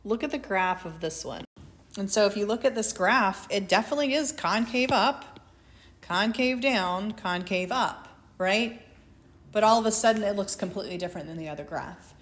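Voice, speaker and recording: A woman teacher walks through a calculus lecture in a casual, conversational way, often checking in with her class and slipping in dry sarcasm. Her voice sits at an ordinary middle pitch. The classroom gives the sound a noticeable echo. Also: normal speed, a bit bright, slight background noise. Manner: conversational, asks for agreement with "right?"; lightly sarcastic asides. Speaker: math teacher. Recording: echoey room.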